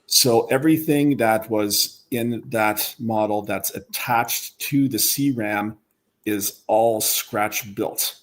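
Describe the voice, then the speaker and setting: A man chatting as a guest on a livestream, telling his story in a relaxed, self-deprecating way. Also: fairly low pitch, slow. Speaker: guest model builder. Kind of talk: casual chat on a livestream.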